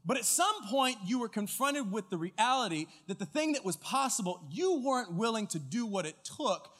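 A male pastor preaching a sermon, telling a story with acted-out dialogue and lively delivery. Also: very high voice, normal speed, long reverb tail. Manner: animated storyteller, acts out dialogue and shouts at climaxes. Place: church auditorium. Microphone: stage mic with floor monitor.

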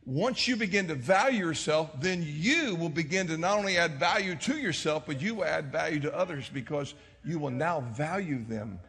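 Husky-voiced pastor preaching in a hall. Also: male voice, a little high, lively intonation, normal speed. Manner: storytelling preacher, swings from hushed to shouting. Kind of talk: sermon. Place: church sanctuary.

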